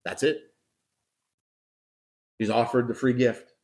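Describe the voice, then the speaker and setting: This pastor preaches in a conversational way, posing rhetorical questions and repeating words for emphasis. His mid-range, darkish voice moves slowly with fairly even intonation.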